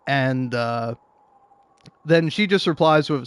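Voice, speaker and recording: Young man, online commentary, rambling, stammering, slightly high voice, dry close sound. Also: a little slow, fairly bright tone, clear, resonant tone, no room sound. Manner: rambling, stammering, laughs often. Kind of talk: casual reaction commentary.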